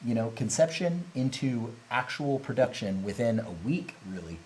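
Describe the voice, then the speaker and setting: A man's voice: mid-range voice, animated, normal speed, darkish tone, slight background noise, low-quality recording. Candid, chatty man on a livestream. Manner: candid, rambling, laughs easily. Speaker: host, company representative. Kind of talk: casual livestream chat.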